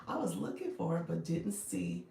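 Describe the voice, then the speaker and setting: A woman's voice: fairly low pitch, wildly swooping pitch, moderate pace, vocal fry, warm tone, echoey room. A woman hosting a casual live stream from her phone, chatting with viewers, greeting them by name and laughing often. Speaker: live-stream host and business coach.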